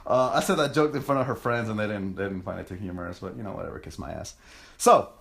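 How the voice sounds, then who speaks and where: A man's voice: fairly low pitch, fast, creaky. Profane, rambling young man telling stories. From United States. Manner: profane, rambling and self-mocking. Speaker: podcast host. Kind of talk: casual storytelling monologue.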